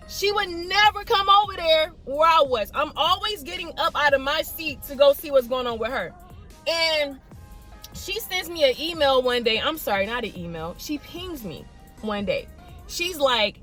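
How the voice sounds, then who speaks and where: High-voiced woman telling a lively story. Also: moderate pace, faint music behind. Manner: animated storytelling, mimics others in quotes. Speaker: vlogger. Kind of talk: storytime vlog.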